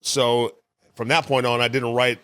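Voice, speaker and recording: A man's voice: medium pitch, moderate pace, dry recording, clean studio sound. Man telling comedy war stories. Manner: profane, animated storyteller. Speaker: stand-up comedian, podcast guest. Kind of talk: casual storytelling.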